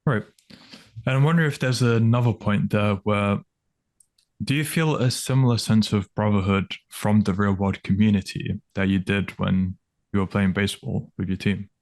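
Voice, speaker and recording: Low-voiced male interviewer, measured. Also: darkish tone, dry recording. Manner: measured, restates the guest's points before asking. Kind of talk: conversational interview questions.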